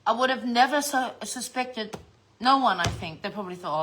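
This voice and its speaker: A woman's voice: on the low side, fairly quick, fairly bright tone, a little hiss or hum. A middle-aged woman chatting casually as a vlogger, swearing freely and laughing often. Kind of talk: casual unboxing chat.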